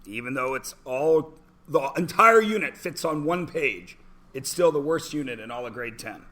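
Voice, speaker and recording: A man's voice: fairly high pitch, lively intonation, moderate pace, sharp tone. A man in his forties teaching a math class, chatty and joking, asking the class questions in between. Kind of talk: classroom lecture with anecdotes.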